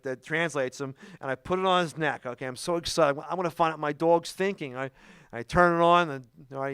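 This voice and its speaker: A man's voice: fairly high pitch, fairly bright tone, clear, resonant tone, no echo, clean studio sound. A man performing a stand-up comedy set, telling stories in a punchy way and often checking in with the crowd with "okay?". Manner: punchy storytelling with frequent "okay?" asides. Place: comedy show before a live audience.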